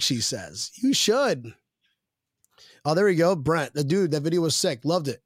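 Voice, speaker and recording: A man's voice: on the high side, very animated, measured pace, husky, dry recording, studio quality. A man hosting a casual podcast chat, joking around and reading viewer comments aloud. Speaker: podcast host.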